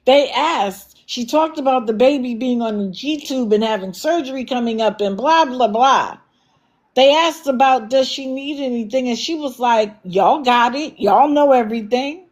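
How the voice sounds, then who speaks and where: A woman's voice: high voice, a little mellow. Blunt, scolding woman livestream host. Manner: blunt, scolding, sarcastic rhetorical questions. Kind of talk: commentary livestream.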